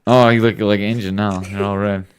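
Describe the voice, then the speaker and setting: A man's voice: fairly low pitch, little pitch movement, brisk, smooth. A man talking casually as a father hosting a home podcast with his son, teasing and joking with him. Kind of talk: casual late-night chat.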